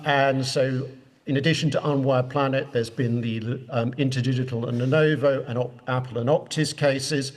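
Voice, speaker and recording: An English man delivers a measured legal keynote over a video call. His voice sits at an ordinary middle pitch, and he explains points plainly with emphatic summaries. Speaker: judge giving keynote remarks. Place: his room at the court, joining remotely.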